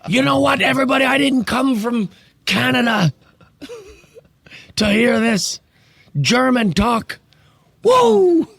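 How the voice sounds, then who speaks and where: A man doing a shouty brash Canadian wrestler. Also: extremely high pitch, sing-song, takes it slowly, vocal fry, long pauses, voice pushed up, exaggerated voice. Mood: bombastic. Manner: shouting, over-the-top, accent drifting toward Irish. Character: loud Canadian male wrestler, brash and hammy.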